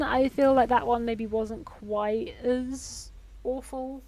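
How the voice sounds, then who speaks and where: Woman gamer rambling over her playthrough, fairly high voice, swears a lot, jokes at herself. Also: fairly even intonation, slow, darkish tone. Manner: chatty, self-mocking, swears casually. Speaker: gaming video creator. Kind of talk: live gameplay commentary.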